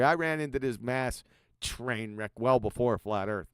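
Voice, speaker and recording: A man's voice: mid-range voice, unhurried, clean tone, no room sound, studio quality. A man hosting a livestream in a combative, sarcastic way, reading quotes aloud and mocking them. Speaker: host.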